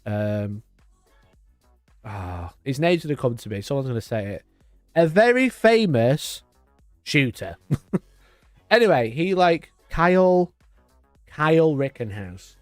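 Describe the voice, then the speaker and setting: A man's voice: mid-range voice, sing-song, slow, long pauses, dry recording, faint music behind. A man in his twenties hosting a live stream, chatting in a rambling, sweary way and laughing often. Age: 20s. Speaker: livestream host. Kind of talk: casual live-stream chat.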